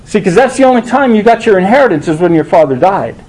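A man's voice: sits high, lively intonation, fast, darkish tone, low-quality recording. A man preaching a sermon, conversational and emphatic, asking rhetorical questions.

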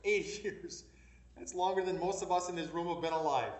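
A man's voice: sits high, normal speed. A man preaching a sermon to a congregation and reading scripture aloud, building his emphasis as he goes. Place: room with a congregation. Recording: echoey room, mic at a distance.

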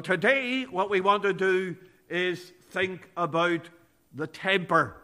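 A man's voice: high-pitched, sharp tone. A man preaching a sermon, earnest and emphatic, quoting scripture word for word.

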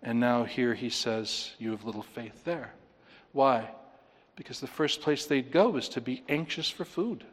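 A man preaching an expository sermon, animated, acting out the voices of the people he talks about. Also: medium pitch, measured pace, in a large hall. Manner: animated, acts out voices of the disciples. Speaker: pastor.

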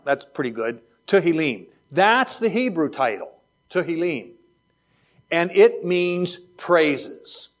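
A man teaching a Bible lesson to a class, chatty and digressive, with joking asides. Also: sits high.

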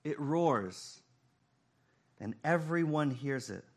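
A man preaching a sermon, swinging between loud emphasis and hushed, quiet phrases. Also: fairly high pitch, expressive, slow pace. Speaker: pastor.

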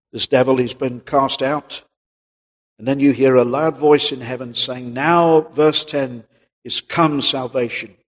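A male preacher giving a sermon, posing rhetorical questions and swinging between loud and quiet passages. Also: mid-range voice. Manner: rhetorical questions, rises and drops in volume. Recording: long hall reverb.

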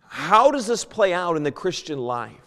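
A man teaching a Sunday school lesson, reading King James scripture aloud and moving between loud emphasis and hushed asides. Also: sits high, sing-song, moderate pace, long reverb tail. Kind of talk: Bible teaching, sermon. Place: church.

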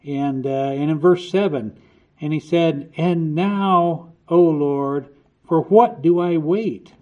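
A man's voice: a little high, slow. A man preaching a sermon, earnest, often restarting and repeating his words. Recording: dull lo-fi recording.

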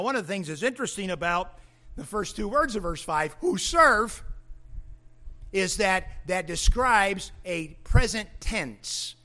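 A male pastor preaching an expository sermon, with deliberate, emphatic phrasing and dramatic drops and rises. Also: sits high, pushed and bright.

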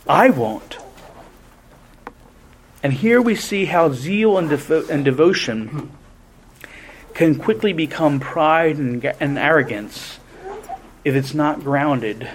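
A man preaching a sermon in a deliberate, emphatic way, often restarting his phrases. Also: on the high side, a little hiss or hum.

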